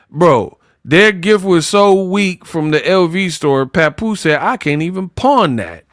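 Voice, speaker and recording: A man hosts casual boxing commentary in a fairly high voice. He talks in an animated, mocking way and keeps breaking into silly impressions. The recording is dry and close. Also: a little slow, few pauses, no echo.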